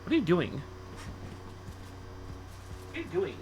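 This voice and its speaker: Male streamer, high voice, very animated, cooing chatter, soft music behind. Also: a little slow, long pauses. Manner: animated, talks to his cat in a cooing voice. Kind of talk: casual live-stream chat. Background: faint background music.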